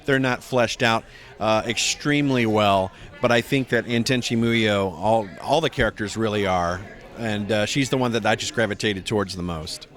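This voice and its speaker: A middle-aged man, a voice actor, chatting in a convention interview and acting out quoted lines with big swings in his voice. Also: normal speed. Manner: animated storyteller, acts out quotes with big pitch jumps. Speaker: voice actor guest.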